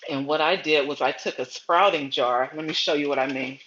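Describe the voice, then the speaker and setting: A middle-aged woman hosting a casual gardening livestream, chatty and storytelling, often pausing to greet viewers by name. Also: low-pitched, fairly bright tone, dull audio, a little hiss or hum.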